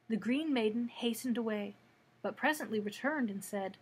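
A librarian, a woman, reading a children's book aloud with steady, expressive storytelling. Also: a little high, normal speed, husky.

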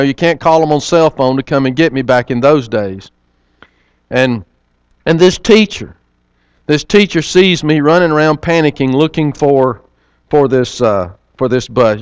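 Preacher, earnest storyteller, smooth resonant tone, stumbles and repeats words. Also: male voice, mid-range voice, no room sound. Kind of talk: sermon with personal storytelling.

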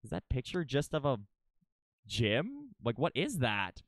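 A young adult livestreamer chats with viewers during gameplay, excitable and casual, thinking out loud and swearing freely. The voice is medium-pitched and a little slow. It's studio quality with no room sound.

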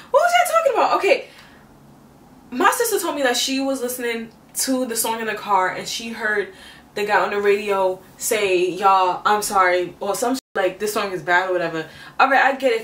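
A young woman hosting a casual music reaction vlog, expressive and emotional, talking straight to her viewers. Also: medium pitch. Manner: expressive, emotional, laughs often. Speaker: reaction video host. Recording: echoey room, mic at a distance.

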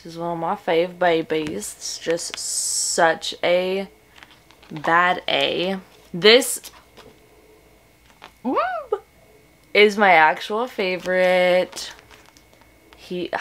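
A woman in her twenties chatting in a casual book vlog at home, gushing and excitable, breaking into gasps and breathy whispers. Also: on the low side, very slow, pauses often, a little hiss or hum. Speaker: book vlogger.

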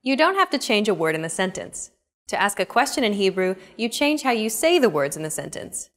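Woman, lesson host, scripted, upbeat, asks the viewer questions, bright animated delivery. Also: medium pitch, fairly quick.

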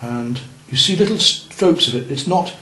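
An animated art teacher with a medium-pitched, pushed, bright voice talks at a moderate pace, guiding beginners through painting while he works. He encourages them and checks on their pieces, in a roomy room with faint background noise.

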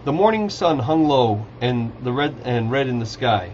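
A man's voice: medium pitch, animated, moderate pace, darkish tone, a little hiss or hum. A man reading his own fantasy novel aloud on a live stream, casual, with slips and restarts. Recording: dull lo-fi live stream audio.

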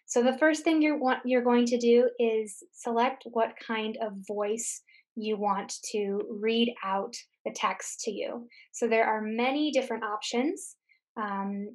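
A woman tech tutor giving a screen-share software lesson, explaining each step patiently. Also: a little high. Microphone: computer mic on a recorded webinar.

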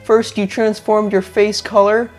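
A young man playing a video game and commenting on it, excitable, joking and rambling as he reacts. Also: high voice, a little slow, faint music behind. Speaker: gaming video host. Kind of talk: let's play commentary.

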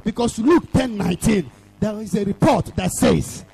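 A Nigerian man preaching a fiery revival sermon, shouting and chanting lines for the crowd to repeat. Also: high voice, normal speed, gravelly, husky, rough recording. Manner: shouting, sing-song call-and-response preaching. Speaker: evangelist preacher.

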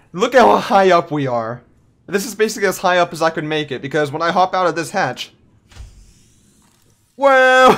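A man giving casual, self-mocking let's play commentary while building in a game, animated and giggly. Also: high-pitched. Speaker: gameplay host.

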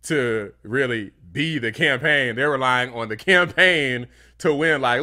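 A man's voice: mid-range voice, moderate pace, few pauses, bright, forceful tone. A man hosting a political commentary vlog, talking bluntly and heatedly and throwing insults. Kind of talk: opinionated commentary.

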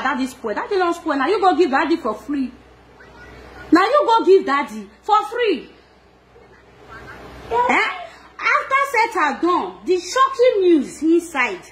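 Nigerian Pidgin woman, high voice, animated gossip vlogger, laughs and scolds often. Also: a little hiss or hum. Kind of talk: casual gossip monologue.

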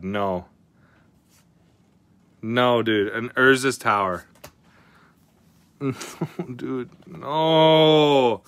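A man hosting a live card-opening stream, chatting casually with viewers, excitable and often swearing as he reacts to each pull. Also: mid-range voice, very slow, pauses often.

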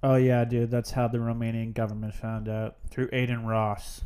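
A man giving casual, sarcastic commentary in a flat delivery. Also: medium pitch, moderate pace, clean tone.

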